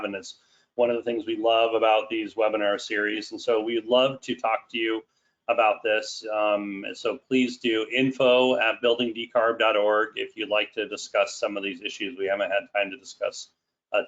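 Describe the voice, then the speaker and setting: A man's voice: fairly low pitch, level tone, a bit bright. Man moderating a muffled webinar. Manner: measured, reads out audience questions. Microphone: video call. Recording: dull lo-fi call audio.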